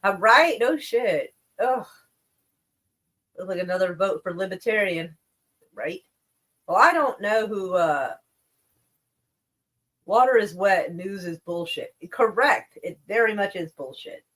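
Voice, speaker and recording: A woman's voice: mid-range voice, lively intonation, takes it slowly, pauses often, fairly bright tone. Sarcastic, swearing woman commentating on news. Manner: profane and sarcastic, laughs often; reads articles aloud then reacts. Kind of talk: casual live-stream news commentary.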